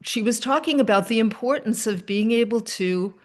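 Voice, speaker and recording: Woman telling a story on a video call. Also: a little high. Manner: animated storyteller, quick asides, soft fillers. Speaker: host. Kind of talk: casual storytelling chat.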